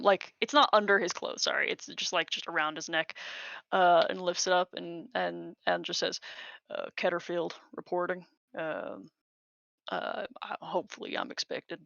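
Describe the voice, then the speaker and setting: A woman's voice: lowish voice, vocal fry, a bit bright, no room sound, dull audio. A woman playing a tabletop game, describing her character's actions hesitantly and correcting herself. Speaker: player.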